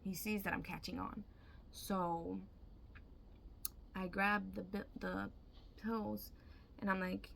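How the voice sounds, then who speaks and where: Casual female storyteller, emphatic and profane; gravelly, faint background noise. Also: medium pitch, level tone, takes it slowly, long pauses, fairly bright tone. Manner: chatty, emphatic, swears freely. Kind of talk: casual dream retelling.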